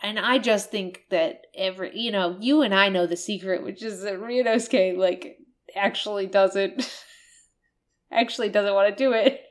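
A woman co-hosting a casual podcast chat, energetic and emphatic, laughing between remarks. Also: medium pitch, unhurried. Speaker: podcast co-host.

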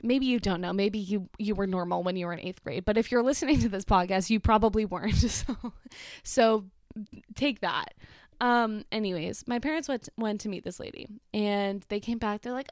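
A woman's voice: mid-range voice, normal speed, no room sound, studio quality. A young adult woman hosting a casual solo podcast, telling a story in a chatty, self-deprecating way with frequent swearing and asides. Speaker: podcast host.

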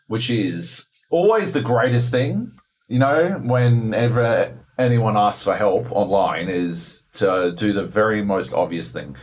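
Slow and lowish, this young Australian man co-hosts a podcast about video games, telling a story in a profane, exasperated way during casual chat.

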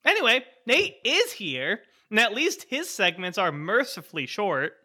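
A man's voice: high-pitched, big pitch swings, measured pace, bright, forceful tone. A man hosting a tabletop game podcast as game master, introducing his co-hosts with laughing, exasperated banter. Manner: laughing, exasperated, stop-start.

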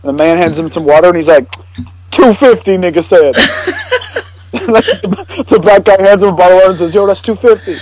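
A man's voice: high voice, fast talker, poor audio. A man co-hosting a casual podcast chat, retelling comedy film scenes with energy and acting out the lines. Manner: animated storytelling, quoting film lines in put-on voices. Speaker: podcast co-host.

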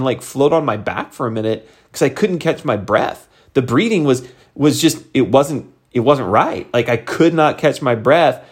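A middle-aged man giving a motivational talk to his sales team, conversational and animated, leaping up in pitch for emphasis. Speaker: sales team leader and coach.

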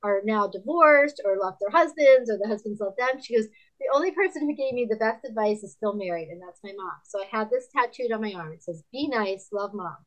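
A woman in her fifties, a podcast guest and author, telling candid stories in a lively way, laughing often and acting out other people's lines in a higher voice. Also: fairly quick, low-quality recording. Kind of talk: candid conversational storytelling.

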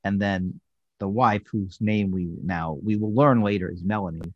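Recapping a TV episode on his podcast, this man speaks at a moderate pace in a lowish voice and acts out the characters' quotes like an animated storyteller. The recording has no room sound and its highs are cut off.

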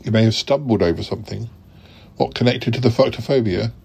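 A man's voice: mid-range voice, brisk, gravelly, darkish tone, slightly rough. A man hosting a comic podcast sketch, talking in an exasperated, indignant way. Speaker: podcast host.

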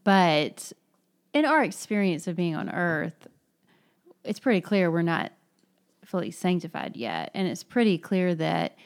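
A woman's voice: fairly low pitch, creaky. Reflective woman discussing a novel. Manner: reflective, hesitant with fillers. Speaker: book discussion participant. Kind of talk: casual book discussion.

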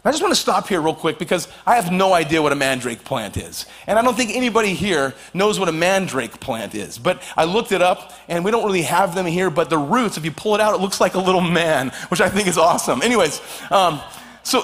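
A man preaching a sermon to a congregation, telling a scripture story with playful, animated asides. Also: high voice. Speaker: pastor.

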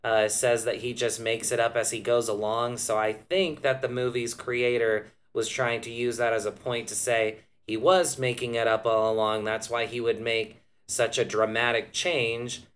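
A male podcast host with a mid-range voice talks things through at an even, explanatory pace. He fills his pauses with ums and uhs as he lays out his points in casual conversation. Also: mid-range voice. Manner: measured, explanatory, with frequent "um" and "uh".

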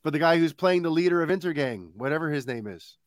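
A man's voice: fairly high pitch, animated, fast talker, dry recording. A man co-hosting a podcast in casual chat, telling rambling stories with frequent chuckles. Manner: rambling storyteller, chuckles often. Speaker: podcast co-host.

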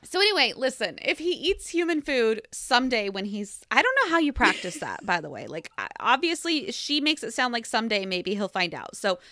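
A woman's voice: a little high, sing-song, brisk, hardly any pauses, sharp tone, no echo, studio quality. A woman co-hosting a podcast, casually recapping a story and acting out the characters' lines with giggly energy. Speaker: podcast co-host.

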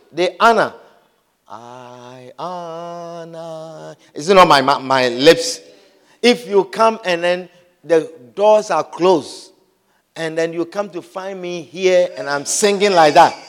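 High-pitched guy preaching, says things twice, keeps asking "do you understand". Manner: keeps asking the congregation whether they understand; repeats key phrases for emphasis. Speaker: pastor. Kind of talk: sermon.

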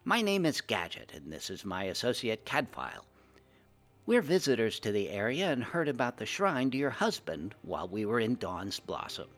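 A man voicing a clever, spirited young gnome woman engineer in a storybook reading, brisk and self-assured. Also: fairly low pitch, wildly swooping pitch, a bit bright, heavily acted. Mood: bright.

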